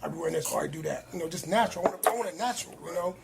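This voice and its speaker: A man, a filmmaker guest, talking in a casual podcast conversation, animated and acting out quoted lines. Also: high-pitched, racing, very noisy. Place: cigar lounge.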